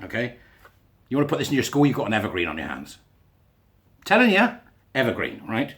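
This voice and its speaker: A man's voice: fairly low pitch, sing-song, normal speed, pauses often, fairly bright tone. Sarcastic man ranting. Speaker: commentator reading and rebutting a school policy. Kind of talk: ranting commentary.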